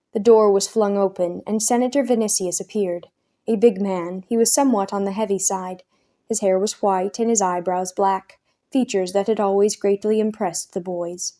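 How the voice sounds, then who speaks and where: A woman's voice: medium pitch, steady tone, normal speed, mellow. A woman reading a children's chapter book aloud, lifting her voice for the characters' lines. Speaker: storyteller.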